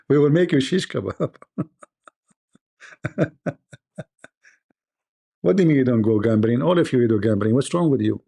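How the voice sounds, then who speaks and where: Gravelly joking man telling stories. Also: medium pitch, expressive, a little slow, pauses often, warm tone. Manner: laughs at own stories, acts out dialogue. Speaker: live stream host. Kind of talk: joking live-stream monologue.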